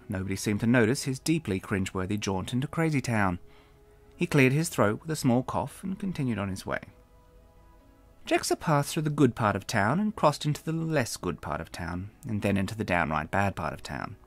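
A man narrating his own novel as an audiobook in a wry, expressive storytelling manner. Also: lowish voice. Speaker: author and narrator.

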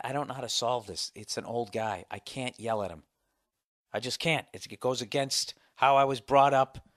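A man's voice: mid-range voice, fairly bright tone, no room sound, studio quality. A middle-aged man hosting a solo podcast, rambling and swearing through a comedic story. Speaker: podcast host. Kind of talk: casual solo podcast monologue.

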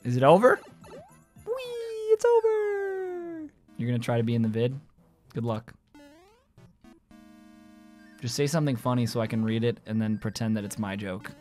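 A man giving live gameplay commentary, joking with his chat and yelling and squealing when things go wrong. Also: mid-range voice, a little fast, long pauses, soft background music. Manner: excitable, yells and squeals at game moments. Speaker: gaming streamer.

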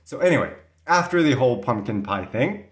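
In an echoey room, a Canadian vlogger tells a casual, rambling story to the camera, now and then indignant and sometimes coughing. His mid-range voice moves a little fast with lively intonation.

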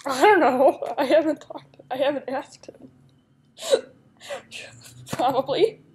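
Speaking slowly in a high, slightly mellow voice, a young woman YouTuber plays a guessing game. She reads each question out, answers it, and giggles along in a relaxed, chatty way.

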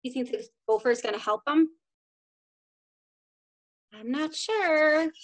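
A woman preschool teacher reading a picture book aloud to young children at home, animated and sing-song, often stopping to ask them questions. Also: sits high, takes it slowly.

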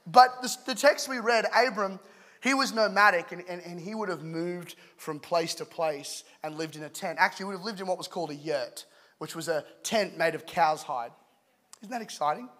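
A man's voice: high-pitched, normal speed. A man from England in his thirties preaching a humorous sermon, telling stories with jokes. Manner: joking, animated storyteller. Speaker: pastor.

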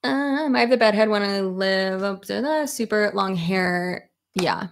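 A woman in her thirties with a gravelly, fry-tinged voice chats casually at home while styling her hair. She rambles from thought to thought and laughs often. Her pitch sits in an ordinary middle range. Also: a little slow, slight background noise. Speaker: YouTuber. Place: home office at her desk.

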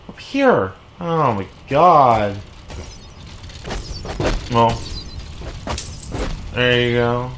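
A man playing a video game and commenting as he goes, excitable, yelling and swearing at his units. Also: very slow, pauses often, a little hiss or hum. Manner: reads in-game text aloud in a low, quiet voice. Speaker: let's play gamer.

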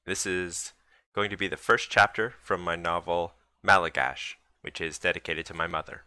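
A man's voice: low voice, fairly even intonation, normal speed, sharp tone, smooth, no echo. A man reading a chapter of his own novel aloud, in a dry, understated manner. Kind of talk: book reading.

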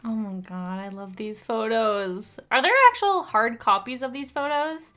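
A woman's voice: on the high side, a little slow, a bit bright, soft background music. A woman with a Canadian accent hosting a reaction video, gushing and laughing often as she comments.

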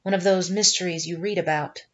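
A woman voicing a brisk, talkative military captain who plans aloud, on a slightly muffled recording. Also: lowish voice, steady tone, a bit bright, natural voice. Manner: rambling, planning aloud.

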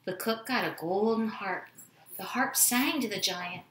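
A woman reading a children's storybook aloud at home, expressive and animated. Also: mid-range voice, unhurried, reverberant, background noise. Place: home room with dogs.

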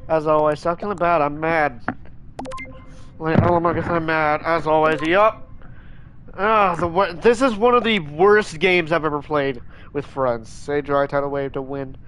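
A man's voice: on the high side, measured pace, background noise. A young man streaming a game in casual chat, whining and ranting in exasperation, repeating his complaints.

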